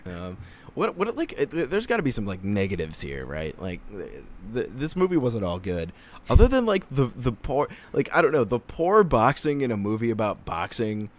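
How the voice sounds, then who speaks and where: A young man co-hosting a casual movie podcast, animated and full of fillers. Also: medium pitch, normal speed. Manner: animated, filler-heavy, laughs often. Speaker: podcast co-host. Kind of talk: casual chat.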